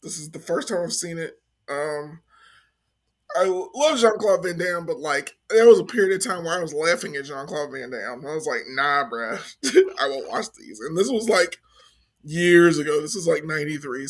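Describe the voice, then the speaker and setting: A man's voice: fairly high pitch, fairly bright tone. A man in his forties co-hosting a movie podcast, talking in a slangy, enthusiastic, casual way. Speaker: podcast co-host. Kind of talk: casual movie review chat.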